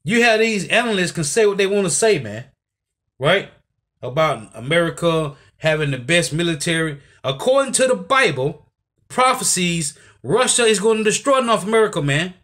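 A man with a high voice preaches to his listeners. He is emphatic and keeps tossing in "man" and "right?" as he drives each point home. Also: very animated, normal speed, a bit bright. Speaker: bible teacher. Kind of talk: preaching commentary.

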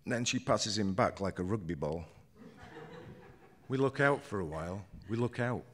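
A man reading his own first-person story aloud on stage at a live event, in a measured, understated way. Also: lowish voice, lively intonation, fairly bright tone.

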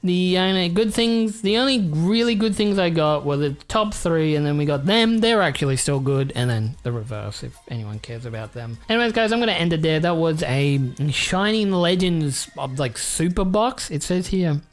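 A young Australian man chatting casually and excitably while opening trading cards, swearing freely and rambling. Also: fairly high pitch, normal speed, hardly any pauses. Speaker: YouTuber. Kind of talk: casual card-unboxing chat.

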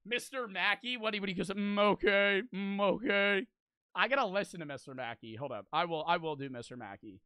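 Talking fast with hardly any pauses, this male streamer reads donations and chats profanely and casually with his audience. The sound is close and dry with no echo, and his voice is high, bright and clear.

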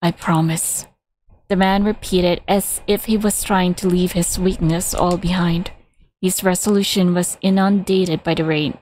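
A woman's voice: on the low side, a little mellow, a little hiss or hum, rough recording. Woman reading a game story aloud. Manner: measured reading with casual asides and stumbles.

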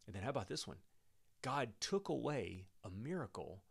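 A man teaching through a Bible passage in an emphatic, animated way, with the odd chuckle. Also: mid-range voice, moderate pace, creaky, slightly rough.

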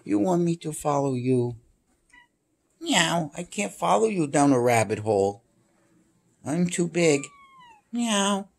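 A man's voice: fairly high pitch, lively intonation, moderate pace, gravelly, darkish tone. A man filming his cat at home with a handheld camera. He coos to her in baby talk, then rambles through a story. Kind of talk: casual home video. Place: home with a screened-in porch.

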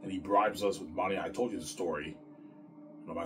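A man with a very deep voice chats casually to his audience. He rambles with excitement, often stumbling and repeating words. Clear music plays underneath. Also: fairly quick, pauses often. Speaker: vlogger. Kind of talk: casual chat.

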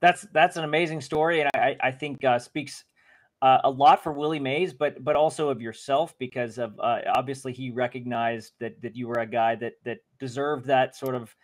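A man hosting an interview, asking halting questions with restarts and quick affirmations. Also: medium pitch, steady tone. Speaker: interview host.

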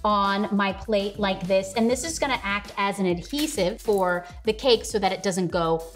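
A woman's voice: mid-range voice, normal speed, faint music behind. A woman hosting a casual cooking tutorial in her home kitchen, chatting straight to viewers and laughing often. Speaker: host.

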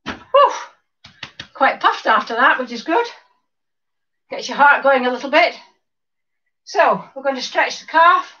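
A woman's voice: high-pitched, bright, forceful tone. A woman in her sixties leading a home exercise class, counting reps aloud and chatting between moves. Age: 60s. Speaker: fitness instructor. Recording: slightly dull lo-fi home video.

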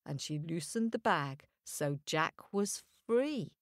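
Woman reading a kids' story slowly, sing-songy and lively, dry close sound. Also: low-pitched, no echo. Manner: animated, sing-song. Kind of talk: children's story narration with song.

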